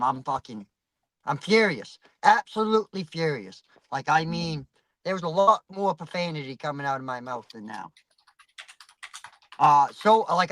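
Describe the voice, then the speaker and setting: A man's voice: on the high side, fairly bright tone, no room sound, rough recording. A man telling a rambling, profanity-heavy story in casual chat, acting out the voices of people he quotes.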